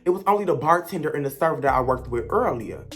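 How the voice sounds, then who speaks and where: A woman's voice: sits low, animated, quick pace. A young woman, telling a blunt, gossipy storytime rant as a vlogger.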